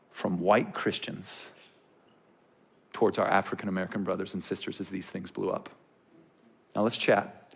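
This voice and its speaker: A middle-aged male pastor preaching to a congregation in a church, chatty and blunt, swinging from hushed to loud. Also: lowish voice, creaky. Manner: conversational, swings from quiet to loud ranting. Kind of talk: sermon. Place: church auditorium before a congregation.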